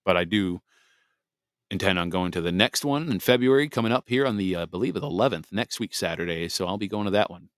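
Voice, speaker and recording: Man, podcast host, rambling casual monologue, smooth resonant voice. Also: deep voice, lively intonation, fast, dry recording. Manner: rambling, many fillers and restarts.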